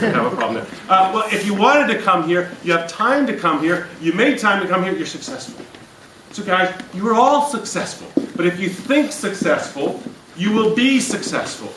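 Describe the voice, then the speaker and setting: A man giving an energetic, jokey motivational talk to a business audience and questioning the crowd. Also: high voice, echoey room, far from the mic, noisy background. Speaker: speaker at a business event. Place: event room before an audience.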